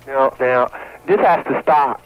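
A man's voice: medium pitch, takes it slowly, clear, resonant tone. A man calling in to a comedy radio show, indignant and insistent, threatening the host. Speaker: caller. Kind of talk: comedy phone-in call. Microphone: phone line. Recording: dull phone-line audio.

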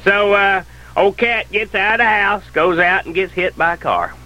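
A male radio co-host with a high, bright, sharp voice, telling a comic story in a slow, folksy and deadpan way. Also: poor audio. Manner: folksy, drawn-out, deadpan delivery.

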